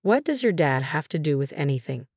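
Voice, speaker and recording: A woman's voice: low-pitched, sing-song, brisk, breathy edge, no echo, studio quality, exaggerated voice. A woman voicing a cold, controlling middle-aged husband with curt, dismissive lines in a storybook reading.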